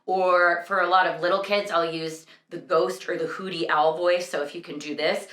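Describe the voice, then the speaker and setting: A woman's voice: on the low side, fairly even intonation, moderate pace, fairly bright tone. A young adult woman vocal coach, explaining singing registers and breaking into sung examples. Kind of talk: singing lesson with sung demonstrations. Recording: echoey room.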